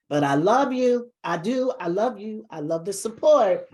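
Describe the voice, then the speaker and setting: A woman's voice: medium pitch, lively intonation, unhurried, a little mellow. A woman hosting a talk show, upbeat and speaking directly to her viewers.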